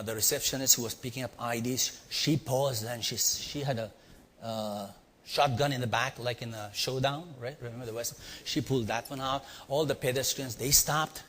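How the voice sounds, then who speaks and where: A man from India with an Indian accent, telling a story to a live audience and quizzing them with quick asides. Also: mid-range voice, a little hiss or hum. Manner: animated, quizzing the audience with "yeah?" and "right?". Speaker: leadership speaker. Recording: long hall reverb.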